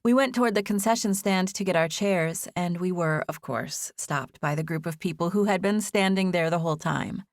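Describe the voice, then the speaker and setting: A woman narrating a first-person romance audiobook in a gentle, expressive reading. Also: fairly low pitch, moderate pace, hardly any pauses, no room sound, studio quality.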